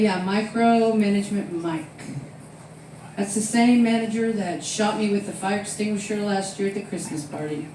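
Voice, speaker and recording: A woman's voice: mid-range voice, recorded from a distance, a little hiss or hum. A woman in her sixties with a drawl works a comedy club stage, acting out the quotes in her stories. The sound is very echoey, and she seems a bit away from the mic. A faint room murmur hangs behind her. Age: 60s. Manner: animated storytelling with loud acted-out quotes. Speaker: stand-up comedian. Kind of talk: stand-up comedy set.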